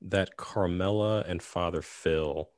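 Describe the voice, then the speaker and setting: Man, very low voice, podcast co-host, casual chat, enthusiastic. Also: steady tone, slow, no room sound, clean studio sound.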